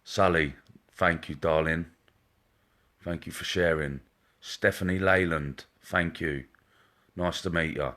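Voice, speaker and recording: A man's voice: deep voice, steady tone, slow pace, long pauses, pushed and bright. A man hosting a live stream as a psychic medium, chatting casually and greeting viewers one by one by name in a chummy way. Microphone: wearing headphones.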